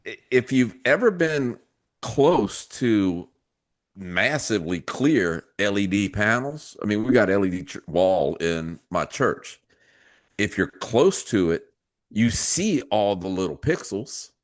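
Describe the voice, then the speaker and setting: A man co-hosting a podcast, chiming in with relaxed asides and quick comments. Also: on the low side. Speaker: podcast co-host. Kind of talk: casual chat.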